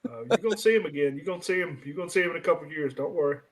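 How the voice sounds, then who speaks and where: A man's voice: a little high, very fast. A man hosting a casual sports chat, loose and rambling, stumbling over names. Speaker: podcast host.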